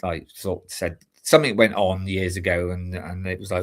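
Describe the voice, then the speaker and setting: A man's voice: sits low, fairly even intonation, fairly quick, few pauses. A man from the UK hosting a live stream show, chatting casually and rambling with many fillers and restarts. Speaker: show host and amateur stage actor. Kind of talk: casual chat.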